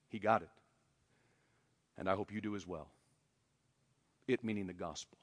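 A male pastor preaching a sermon in a church, emphatic and swinging between loud, raised passages and quiet, hushed ones. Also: on the low side, normal speed, pauses often. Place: church sanctuary. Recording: long hall reverb.

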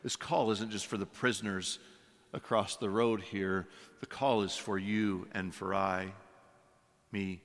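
A man's voice: on the low side, steady tone, unhurried, a bit bright. A man preaching a sermon as pastor, emphatic, with many rhetorical questions and repeated words. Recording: long hall reverb.

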